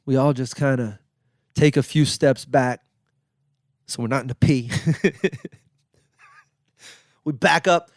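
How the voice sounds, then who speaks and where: A man telling a long travel story as a comedian and podcast host, in a loose, animated way. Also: medium pitch, slow pace, long pauses, no room sound, clean studio sound.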